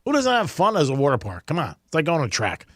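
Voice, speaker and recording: A man's voice: on the high side, wildly swooping pitch, quick pace, no room sound. A man co-hosting a radio show in casual banter, chatty and often laughing, on a studio microphone. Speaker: radio co-host.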